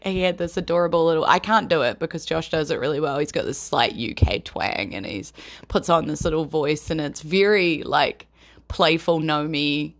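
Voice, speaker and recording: A woman with a New Zealand accent, chatting casually and rambling cheerfully as a podcast host. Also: lowish voice. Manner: chatty and rambling, quick to laugh. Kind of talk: casual chat.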